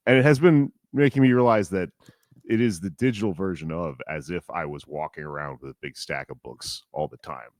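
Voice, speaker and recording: Deep-voiced rambling man in his forties. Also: dry recording, clean studio sound. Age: 40s. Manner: rambling, animated, profane. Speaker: podcast co-host. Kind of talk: casual podcast chat.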